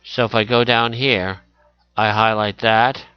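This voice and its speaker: A man with a low, smooth voice walks through a software tutorial, narrating each click and correcting himself as he goes. The recording is dry and close, with a slightly dull, muffled tone. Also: fairly even intonation, measured pace, no echo.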